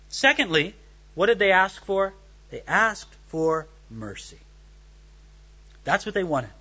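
Man, pastor, high bright voice, verse-by-verse sermon, lo-fi recording. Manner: reads scripture then explains it, dramatizes the speakers. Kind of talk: expository sermon.

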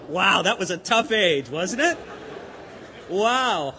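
A man preaching a sermon as pastor, conversational and animated, with asides to the congregation. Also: high-pitched, slow pace, long pauses, long reverb tail, a little hiss or hum.

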